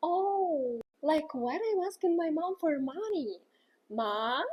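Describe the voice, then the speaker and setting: A woman's voice: extremely high pitch, lively intonation, takes it slowly, dull audio, voice pushed up, full character voice. A woman voicing a curious female language student who asks playful, joking questions. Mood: eager, playful.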